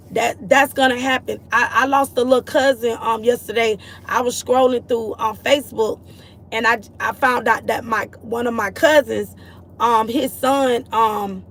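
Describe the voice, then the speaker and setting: A woman from Florida hosts a casual faith-based livestream. Her voice sits a bit high with a strong gravelly fry. She speaks earnestly and encouragingly, greeting and answering viewers in the chat. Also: slight background noise. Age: adult mother. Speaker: livestream host.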